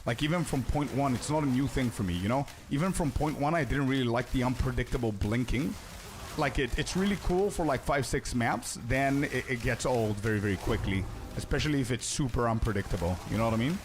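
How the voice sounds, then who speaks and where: A young man streaming a game in a casual, chatty way, answering viewers' questions and calling them "bro". His voice sits at a middle pitch. A faint hiss of noise stays behind him. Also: animated, brisk. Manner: chatty, answers chat, says "bro" often. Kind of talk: casual live-stream chat.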